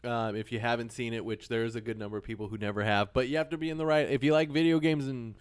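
A man's voice: mid-range voice, fairly even intonation, quick pace, clean tone. A man hosting a casual pop-culture chat, joking and steering the talk. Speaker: podcast host.

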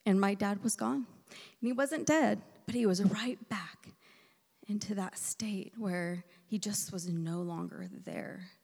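A woman delivers a sermon from a church sanctuary, her words ringing with long reverb through the hall. Her voice carries a gravelly, creaky texture. She shifts between loud, emphatic lines and soft, breathy near-whispers as she tells a personal story. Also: mid-range voice, slow. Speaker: preacher.

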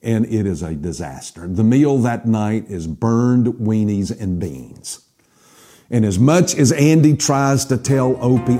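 A man preaching a sermon, building to emphatic peaks and dropping to hushed lines. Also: on the low side, animated, slow pace, soft background music. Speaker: pastor.

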